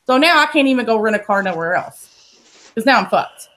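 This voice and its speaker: A woman spins a story in a slightly high voice. She is blunt and profane, with lively, animated delivery that never softens the edges. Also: fairly quick. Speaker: podcast host telling a story. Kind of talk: casual storytelling.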